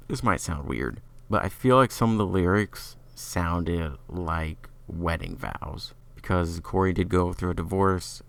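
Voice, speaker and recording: A man's voice: low voice, gravelly. A man giving a casual, opinionated music review, talking loosely with lots of fillers. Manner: opinionated, chatty, filler-heavy.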